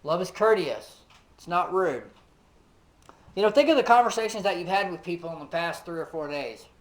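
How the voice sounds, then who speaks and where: Male Bible teacher, fairly high voice, relaxed conversational delivery, quizzes his listeners directly. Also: normal speed, rough recording. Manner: conversational, peppered with "you know"; asks the listeners direct questions. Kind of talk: casual Bible lesson.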